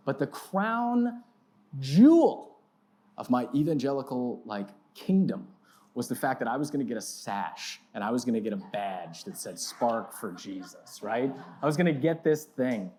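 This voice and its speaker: Animated man telling a sermon story. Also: fairly quick. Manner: animated, self-mocking storyteller with big pitch swings. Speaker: pastor. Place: church sanctuary.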